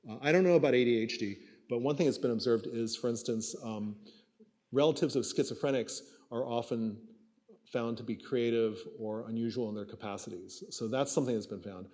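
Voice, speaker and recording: A man's voice: medium pitch, brisk, darkish tone. A man, a neuroscience professor, answering audience questions at a university assembly in a conversational way, thinking aloud with frequent fillers. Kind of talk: lecture Q&A answers.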